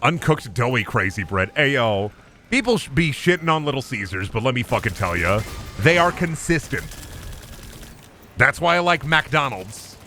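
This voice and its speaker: Animated, rambling male streamer. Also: medium pitch, moderate pace, faint music behind. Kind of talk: casual livestream gameplay chat.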